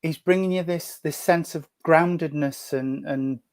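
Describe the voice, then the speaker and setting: A man giving a gentle, chatty mediumship reading at home over a video call, full of endearments. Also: on the high side, a little slow, no echo. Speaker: spiritualist medium. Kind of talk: mediumship reading in an online service. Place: at home at a breakfast table.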